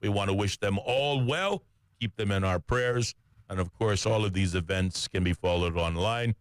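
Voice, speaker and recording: A man co-hosting a talk radio show, with a lowish voice recorded close and dry in the studio. He talks through the news in a relaxed way, filling pauses with "uh" and correcting himself as he goes. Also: smooth, no room sound. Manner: conversational, with frequent "uh" fillers and self-corrections.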